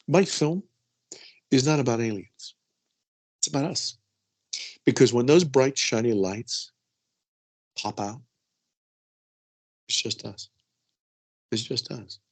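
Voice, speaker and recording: A man's voice: mid-range voice, creaky, a little mellow, husky. A middle-aged man telling a personal story as an interview guest, chatty and full of "you know" asides.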